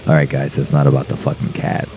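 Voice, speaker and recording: A man's voice: a bass voice, monotone, fast talker, warm tone, a little hiss or hum. A man, a podcast guest, telling a rambling, profane story in casual chat and laughing as he goes.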